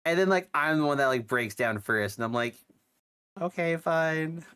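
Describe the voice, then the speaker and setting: A man's voice: mid-range voice, expressive, a little fast, sharp tone, smooth. A young man who is sick with a cough, chatting casually on his stream, rambling with lots of fillers and restarts. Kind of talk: casual chat.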